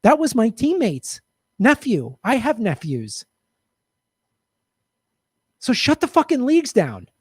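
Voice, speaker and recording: A man's voice: very high voice, huge pitch swings, takes it slowly, long pauses, darkish tone, slightly rough, dry recording, studio quality. A middle-aged man hosting a podcast, delivering a fired-up, profane political commentary rant. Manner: impassioned, profane, emphatic. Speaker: podcast host.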